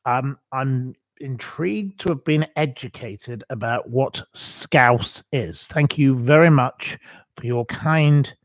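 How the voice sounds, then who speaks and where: A man's voice: medium pitch, slow, no echo. Blunt, opinionated man with frequent ums. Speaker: livestream host answering viewer questions. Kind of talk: casual livestream chat.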